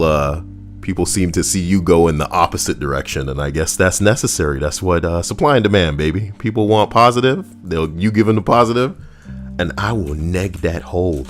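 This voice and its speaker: A man's voice: low voice, fairly quick, faint music behind. A man hosting a live reaction stream, chatting casually and wryly and talking back to his viewers. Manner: wry, chatty, talks back to chat.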